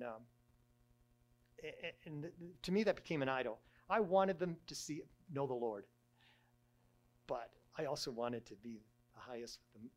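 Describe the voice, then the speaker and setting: Halting middle-aged man preaching. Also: mid-range voice. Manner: halting, with frequent restarts and fillers. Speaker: church elder. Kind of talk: conversational sermon teaching.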